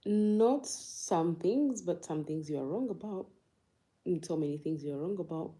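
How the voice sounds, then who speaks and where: A woman's voice: lowish voice, lively intonation, normal speed, mellow, low-quality recording. A young woman from Uganda chatting casually on a livestream, laughing often and answering viewer comments. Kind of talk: casual live-stream chat.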